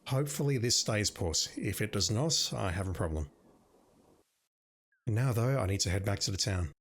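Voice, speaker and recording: A man's voice: fairly low pitch, expressive, normal speed. Man musing through an adventure game. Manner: thinking aloud, wry asides. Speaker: let's-play gamer. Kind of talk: casual gameplay commentary.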